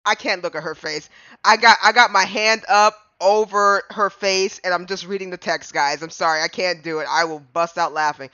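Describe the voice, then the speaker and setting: A man streaming a game live, giggly and excitable, reading dialogue and laughing often, on muffled stream audio. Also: high-pitched, moderate pace, clear, resonant tone, no echo.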